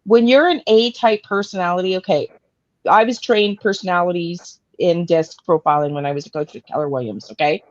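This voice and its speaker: A woman's voice: fairly low pitch, fairly quick, dry recording, muffled recording. A woman hosting a live true crime stream, blunt and profane, who keeps checking in with "okay?" and "right?". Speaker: true crime analyst host. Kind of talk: casual live-stream commentary.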